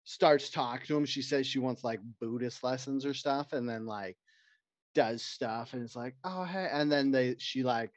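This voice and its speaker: A man's voice: medium pitch, steady tone, normal speed, no room sound. Joking man, dull dry audio. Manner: crude, joking storyteller who puts on voices. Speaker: podcast co-host. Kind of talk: casual podcast banter.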